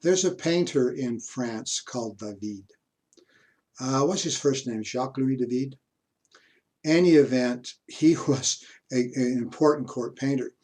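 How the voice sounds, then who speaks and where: Guy lecturing on history, slow and rambly, stops mid-sentence a lot, mid-pitch voice. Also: darkish tone. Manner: unhurried, pausing mid-sentence, offering asides. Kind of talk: university lecture.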